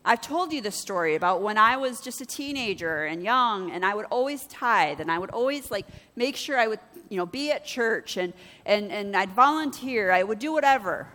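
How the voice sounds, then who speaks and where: In a big-room setting, a woman pastor preaches at a moderate pace with a mid-range voice. Her storytelling has her acting out dialogue from both sides, shifting vividly between them.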